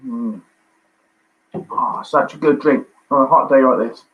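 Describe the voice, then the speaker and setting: A man hosting a livestreamed pub quiz from home, chatty and jokey, reading out answers with quick asides. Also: medium pitch. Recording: dull lo-fi livestream audio.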